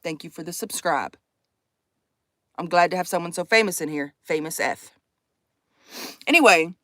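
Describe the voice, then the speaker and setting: A woman telling a profane, animated story to her vlog audience, acting out the people in it. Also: fairly low pitch, normal speed, pauses often, no echo. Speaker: vlogger. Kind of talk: casual storytime chat.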